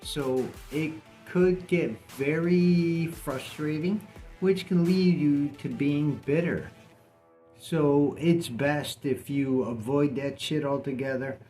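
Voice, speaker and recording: A man's voice: a little high, slow pace, mellow, soft background music. A man talking bluntly and casually to camera in a vlog, cursing now and then. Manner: blunt, plainspoken, swears casually. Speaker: vlogger.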